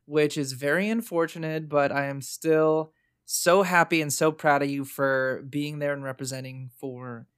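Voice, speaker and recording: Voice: medium pitch, fairly even intonation, moderate pace, clean tone, no room sound, clean studio sound. A podcast host chatting casually and earnestly, rambling with frequent fillers.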